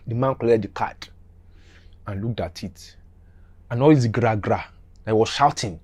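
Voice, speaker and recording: In a low, unhurried voice with frequent pauses, a middle-aged man loosely recounts a story from his youth. He's animated and repetitive, acting out scenes with sound effects and little asides.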